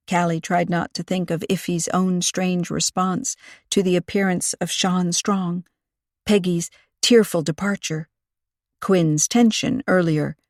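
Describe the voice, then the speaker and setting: A woman's voice: on the low side, a little mellow, no room sound, clean studio sound. Woman narrating a cozy mystery audiobook. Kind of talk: scripted narration.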